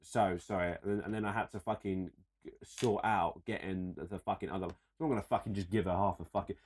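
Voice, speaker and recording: A man's voice: deep voice, fairly even intonation, a little fast. A man co-hosting a casual podcast, blunt, jokey and full of swearing. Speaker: podcast co-host.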